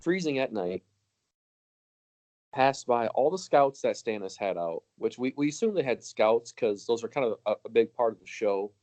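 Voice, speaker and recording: A man co-hosting a casual podcast, his voice sitting in an ordinary middle pitch. He rants and swears his way through the talk and breaks into laughter often. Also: lively intonation, moderate pace, darkish tone. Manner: ranting, profane, laughs often. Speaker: podcast co-host.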